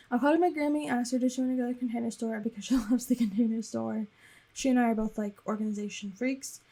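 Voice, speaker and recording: A young woman narrates her vlog in a loose, chatty way, with lots of filler as she wanders from point to point. Her voice sits a little high, with a warm, mellow tone and a gravelly vocal fry running through it. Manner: rambling and chatty, with frequent fillers. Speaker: planner vlogger. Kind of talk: casual voice-over recap.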